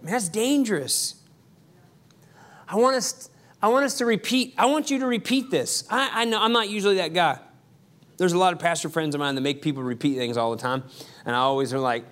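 High-voiced conversational male pastor. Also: a bit bright. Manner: conversational, quick asides, emphatic repetition. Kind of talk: sermon.

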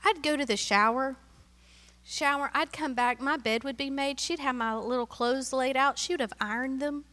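A middle-aged woman from Tennessee giving an animated, emotional sermon-style testimony that drops to hushed asides. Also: high voice, normal speed, in a large hall.

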